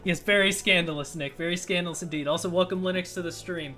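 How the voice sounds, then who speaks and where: A young man hosting a casual livestream, his voice sitting a touch high. He talks wryly, swears offhandedly and breaks into laughter often. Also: fairly even intonation, quick pace, music in the background. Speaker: streamer host.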